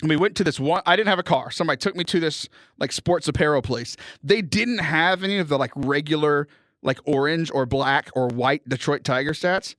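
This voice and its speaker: A man from Houston, hosting a podcast and chatting casually with animated storytelling and frequent laughter. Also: on the high side, brisk, no room sound, clean studio sound. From Houston, Texas. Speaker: podcast host. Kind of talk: casual chat.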